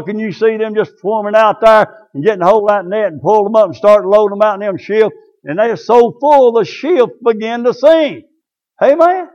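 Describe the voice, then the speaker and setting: Folksy high-voiced preacher. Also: male voice. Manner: folksy, calls out to congregation, swings between shouting and low murmurs. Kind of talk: sermon.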